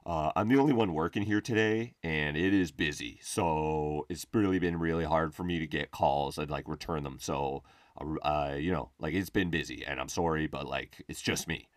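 A man's voice: extremely low pitch, moderate pace, no room sound, studio quality. A man putting on a frazzled, apologetic phone worker. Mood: apologetic rambling. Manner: rambling, overexplaining his busy day. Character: harried, apologetic male dumpster-company worker.

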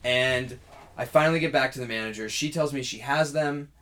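A man's voice: mid-range voice, fairly quick, fairly bright tone. Young male podcast co-host, casual storyteller, voices the people he quotes. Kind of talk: casual chat.

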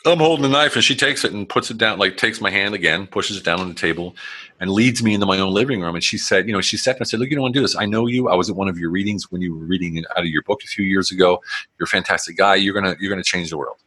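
Low husky-voiced man telling his story. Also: quick pace, pushed and bright. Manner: blunt, rambling, swears freely; frequent restarts and fillers, acts out quotes. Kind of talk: casual storytelling.

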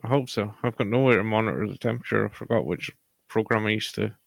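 A man's voice: fairly low pitch, quick pace, gravelly, dry recording. A young man chatting casually, laid-back and sweary, often answering with short reactions. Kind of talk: casual chat.

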